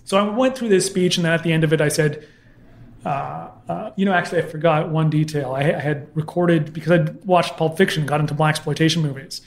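A man's voice: a little high, a little fast, vocal fry. A man telling a story in a casual interview, bringing it to life by acting out other people's voices. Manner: animated anecdote with mimicked voices. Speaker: guest, comedy historian.

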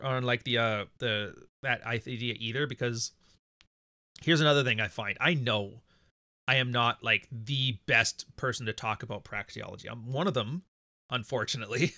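A man's voice: mid-range voice, bright, forceful tone, dry recording, clean studio sound. A Canadian man hosting a casual livestream, talking in a blunt, profane, rambling way. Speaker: podcast host.

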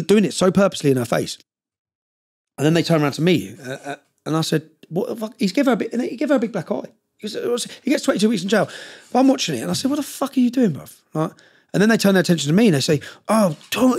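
A man's voice: sits high, gravelly, darkish tone, husky. A middle-aged man telling personal stories as a podcast guest, emotional and blunt, swearing often. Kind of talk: candid personal storytelling.

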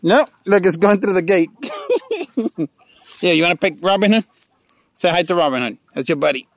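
A man filming his birds and pets in an outdoor yard on a handheld phone, coaxing and talking to them and to the camera in an excited, repetitive way. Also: high voice, normal speed, dry recording. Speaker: backyard animal keeper filming his pets. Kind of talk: casual home video narration. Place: outdoor yard with geese, chickens and ducks.

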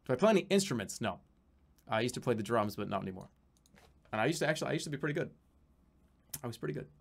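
A man's voice: mid-range voice, lively intonation, very fast, gravelly. Rambling, swearing streamer man. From United States. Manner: rambling, profane, jokey with many restarts. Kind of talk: casual live-stream chat.

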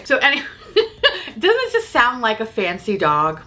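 Woman, beauty vlogger, casual makeup chat, bright voice, lively swinging pitch, giggly, swears a lot. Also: normal speed. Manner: profane, giggly, animated and opinionated. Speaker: beauty YouTuber.

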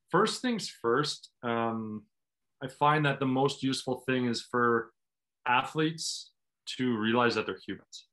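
A man's voice: mid-range voice, pushed and bright. A man, a former pro volleyball player, earnestly explaining mental training to athletes in a conversation over a video call. He often restarts his phrases. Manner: earnest, restarts phrases, acts out inner self-talk.

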